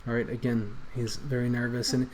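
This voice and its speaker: A man running a tabletop game as game master, describing scenes and explaining rules in a relaxed way. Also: medium pitch, brisk, a little hiss or hum.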